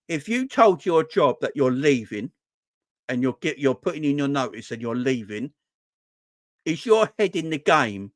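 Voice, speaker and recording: A man's voice: medium pitch, dry recording. Ranting man on a late-night stream. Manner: swears freely, loud and animated, repeats himself. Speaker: football fan livestream host. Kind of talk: casual ranting livestream chat. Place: home at night, kids asleep.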